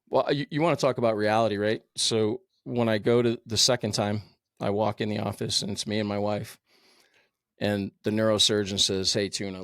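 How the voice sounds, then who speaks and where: A man's voice: fairly low pitch, creaky, dry recording, clean studio sound. A middle-aged man, a firefighter captain, telling his own story candidly in a blunt, profane way with plenty of fillers. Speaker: podcast guest, firefighter captain.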